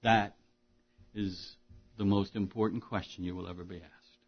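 A man preaching a sermon as pastor, earnest, dropping to a hush and then rising to stress a point. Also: low voice, fairly even intonation, moderate pace, breathy edge, dull audio. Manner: earnest, swings between hushed and emphatic.

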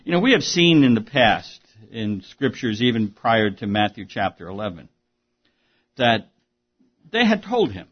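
A man preaching a sermon as pastor, earnest, dropping to a hush and then rising to stress a point. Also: fairly low pitch, very animated, unhurried, breathy edge, lo-fi sound. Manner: earnest, swings between hushed and emphatic.

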